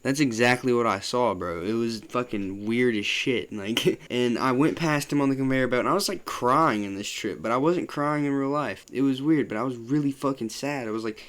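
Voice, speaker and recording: A young man telling a story to his channel in a loose, casual way, swearing often and filling pauses with "like". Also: medium pitch, fairly bright tone. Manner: loose, profane, full of "like" fillers. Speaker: vlogger.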